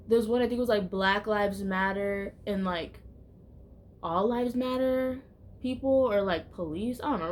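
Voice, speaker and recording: A woman talks to her viewers in a loose, casual vlog. She rambles and circles back on herself, leaning on "like" in almost every phrase. Her voice sits in an ordinary middle range. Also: medium pitch. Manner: rambling, heavy use of "like" fillers. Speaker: YouTuber.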